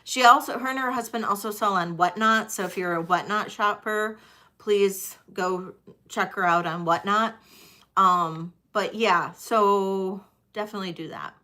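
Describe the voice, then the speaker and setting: Slow, bright-voiced woman hosting a live sale. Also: mid-range voice. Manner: chatty, thinking aloud, many ums. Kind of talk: live-stream vintage jewelry auction.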